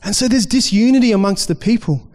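A pastor delivers his sermon in a loose, chatty style, frequently starting over and briefly taking on the voices of people in his story. His voice is high, fast, and a little mellow, with the long reverb of a hall around it.

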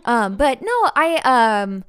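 A woman's voice: fairly high pitch, sing-song, slow pace, a crowd in the background. A woman in her late twenties, chatting casually as a podcast guest, laughing often and filling her talk with likes and ums. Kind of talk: casual chat.

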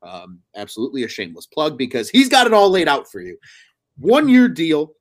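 A man hosting a live sports podcast, chatting with energy and telling stories in an animated way. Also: on the high side, a little fast. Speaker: podcast host.

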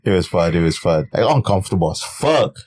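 A man co-hosting a casual podcast. His voice sits low but swings widely as he jokes, swears and laughs easily. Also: lively intonation, a little fast, a little mellow. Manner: laid-back, profane, laughs easily. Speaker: podcast co-host. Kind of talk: casual chat.

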